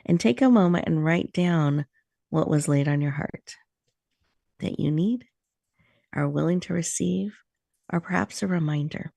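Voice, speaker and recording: A woman hosting a talk show who leads a slow, soothing guided meditation with encouraging words. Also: deep voice, vocal fry, dark tone, dry recording.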